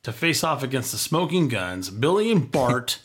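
A man's voice: mid-range voice, big pitch swings, normal speed, fairly bright tone. A man hosting a casual chat show, reading prepared notes and dropping wry quips. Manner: wry, reads facts with quips. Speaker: podcast host.

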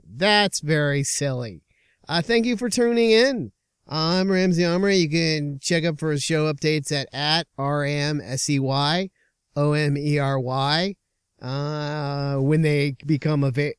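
A man hosting his own podcast from inside a small car, delivering a rambling, sarcastic comedic rant with halting restarts. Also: sits high, a bit bright, clear, resonant tone, no echo, studio quality. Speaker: podcast host.

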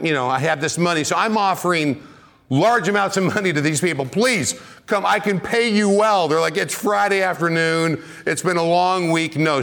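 Middle-aged male preacher, lively sermon storyteller, slightly high-pitched. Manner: animated, rising to near shouts when excited. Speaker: pastor.

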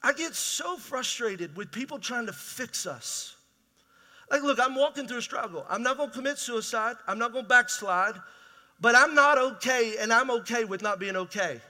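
A man's voice: very high-pitched, expressive, normal speed, bright, forceful tone. A man preaching a conversational, emphatic sermon as pastor in a large church hall.

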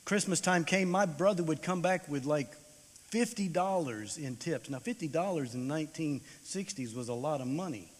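A man in his sixties gives an animated storytelling sermon in a chapel, swinging between loud bursts and hushed tones. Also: on the high side, moderate pace. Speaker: chapel speaker. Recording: long hall reverb.

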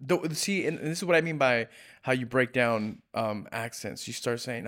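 A man's voice: mid-range voice, lively intonation, moderate pace, fairly bright tone. Male interviewer, enthusiastic, lots of false starts, casual. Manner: enthusiastic, restarts a lot, laughs along. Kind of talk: casual conversation.

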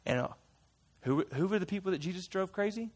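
In a high, animated voice that runs a little fast, a man takes on the role of a folksy fisherman disciple. He shares his character's memories with a church group, chatting playfully and tossing in side comments.

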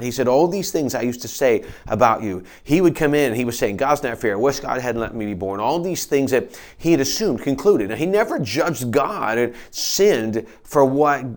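A man's voice: mid-range voice, animated, normal speed, hardly any pauses. A man who is a pastor, giving an earnest, conversational sermon and reading scripture aloud. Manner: earnest, conversational preaching with frequent restarts.

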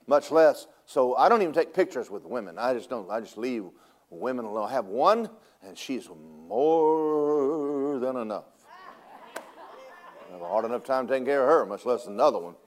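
Lively preacher man. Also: medium pitch, fast. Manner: animated, shifts from loud preaching to hushed asides; humorous storytelling, laughs at own jokes. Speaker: pastor. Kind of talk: sermon.

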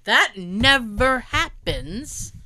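A woman's voice: on the high side, drawn-out words, a crowd in the background. A woman chatting casually, telling funny stories, acting out what people said, laughing often and swearing freely. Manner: animated storyteller, acts out quotes, laughs often, swears. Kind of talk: casual chat.

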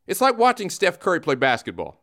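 A man hosting a casual comedic sports talk show, animated and teasing. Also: high-pitched, brisk. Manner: animated, teasing, mock-dramatic. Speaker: podcast host.

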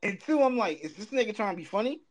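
A man co-hosting a podcast, telling stories in casual, lively chat. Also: sits high, quick pace. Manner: lively storytelling, jumps between voices. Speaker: podcast co-host.

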